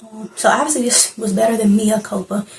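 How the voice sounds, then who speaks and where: A woman's voice: a little high, steady tone, a little fast, low-quality recording. Young woman talking movies on her channel, loose and chatty, keeps cracking up. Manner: chatty and rambling, often breaking into laughter. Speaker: movie reviewer. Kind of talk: casual reaction vlog.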